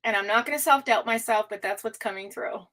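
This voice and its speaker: A woman's voice: on the high side, fast talker, bright, forceful tone, slight background noise, low-quality recording. A woman giving a live tarot reading, talking casually with lots of fillers, frequent laughs and a bit of swearing. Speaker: tarot reader. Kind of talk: live-stream psychic reading.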